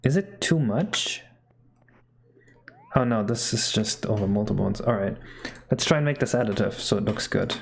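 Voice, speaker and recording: A man's voice: lowish voice, animated, normal speed, vocal fry, long pauses. A man chatting casually on a live stream while he works on a game, joking and bantering as he reads chat aloud. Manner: joking banter, reading chat aloud between working remarks.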